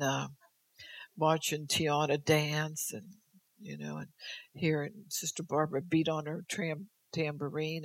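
A woman's voice: deep voice, vocal fry, no echo. An older woman preaching at a church service, exhorting the congregation, speaking prophetic words in the first person and adding folksy teasing asides. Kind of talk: sermon.

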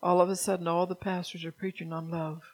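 A middle-aged woman delivers a fervent sermon, scolding her listeners and pushing into loud, emphatic bursts. Her pitch stays narrow and flat even as the volume climbs. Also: quick pace. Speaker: preacher.

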